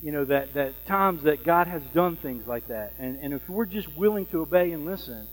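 A man preaching a sermon in a conversational way, often pausing to ask "Amen?". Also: a little high, expressive, long reverb tail, rough recording. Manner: conversational, frequent fillers and "Amen?" checks.

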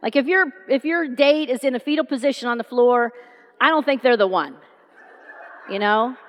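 A woman's voice: sits high, normal speed, big-room sound. A middle-aged woman preaching a sermon, telling stories and acting out the dialogue. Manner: animated storytelling, acting out dialogue.

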